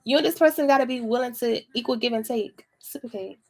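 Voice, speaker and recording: A woman's voice: on the high side, fast, darkish tone. Blunt, profane woman reading tarot. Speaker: tarot reader. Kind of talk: casual tarot reading to camera.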